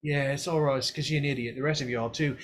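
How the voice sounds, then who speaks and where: A man's voice: medium pitch, fairly even intonation, quick pace, a bit bright, a little hiss or hum, lightly acted. A man doing a sly, blunt clawed spirit. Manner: drawling, casual slang.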